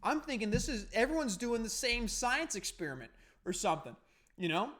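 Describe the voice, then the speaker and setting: A man's voice: high-pitched, sing-song, a little fast, fairly bright tone. Profane man telling a rambling story. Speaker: podcast host. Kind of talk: casual storytelling.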